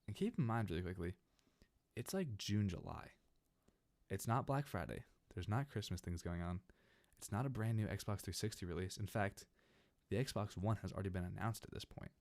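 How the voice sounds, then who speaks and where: A young man from California telling a casual storytime over gameplay, rambling and animated, with many restarts. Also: lowish voice, normal speed, vocal fry. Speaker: gaming channel host.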